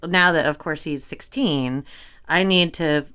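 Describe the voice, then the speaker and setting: A woman's voice: low-pitched, measured pace, clean tone. A woman in her forties from Brooklyn, co-hosting a podcast, telling stories in casual chat and acting out the quotes. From Brooklyn, New York. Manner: animated storyteller, acts out quotes. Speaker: podcast co-host.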